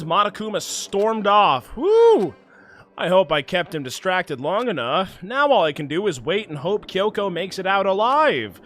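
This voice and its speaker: A man streaming a video game, commenting and reading along in an excitable, jokey way. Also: high-pitched. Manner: excitable, jokey, trails into mumbles. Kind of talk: gameplay commentary and reading aloud.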